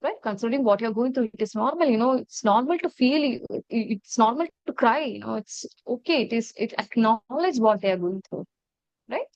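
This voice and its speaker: A woman with an Indian English accent teaching nurses in an online lecture, her voice a bit high and her delivery earnest, stressing rules again and again and checking with "right?" The sound is dry and close, a little dull like a video call. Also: expressive, moderate pace, darkish tone, dry recording. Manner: earnest, repeats key rules with rhetorical questions. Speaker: nursing trainer.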